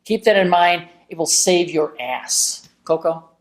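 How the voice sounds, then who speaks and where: A woman talking casually to camera about communication. She is blunt, salty and joking, and swings between loud remarks and hushed asides. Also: lowish voice, a little slow. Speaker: motivational vlogger. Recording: echoey room.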